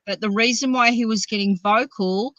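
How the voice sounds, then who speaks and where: A woman's voice: fairly high pitch, moderate pace, no echo, muffled recording. A woman, rambling through stories as a podcast host. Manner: rambling, animated storyteller. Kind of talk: casual chat.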